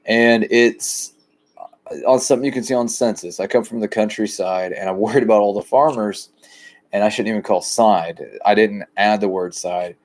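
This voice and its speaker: A man from the rural United States, talking in a rambling, plain, deliberately low-key monologue outdoors by a shed. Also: steady tone. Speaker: vlogger.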